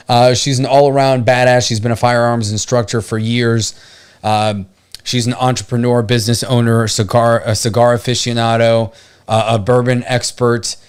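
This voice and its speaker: A man's voice: mid-range voice, smooth. A man from Puerto Rico hosting a casual livestream show, rambling with frequent laughs and fillers. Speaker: podcast host.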